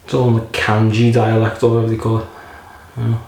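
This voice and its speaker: A man's voice: fairly low pitch, monotone, fast, creaky, a little mellow. A man casually reviewing a beer in a rambling, jokey way, swearing often. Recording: very echoey room.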